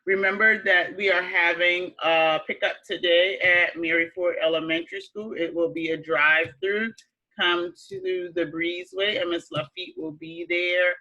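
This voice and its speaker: A woman teacher giving relaxed class announcements, slow and chatty with some fillers. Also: lowish voice, muffled recording. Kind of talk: casual remote class announcements.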